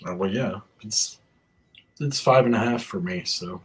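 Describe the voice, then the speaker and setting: A man's voice: on the low side, measured pace, poor audio. A man hosting a casual sports chat, steering segments with short, dry remarks. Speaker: podcast host steering the segments.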